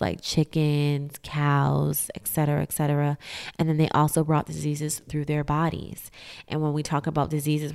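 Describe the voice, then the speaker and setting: Low-voiced sarcastic woman explaining history. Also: darkish tone, smooth. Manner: sarcastic, emphatic, slangy, drops into whispers for asides. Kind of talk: casual explainer video.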